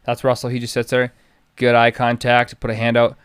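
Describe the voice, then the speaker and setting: Young dude guest on a podcast, smooth voice, jokey slangy chat. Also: male voice, medium pitch, monotone, a little fast, dry recording, studio quality. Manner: laid-back, joking, slangy. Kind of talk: casual chat.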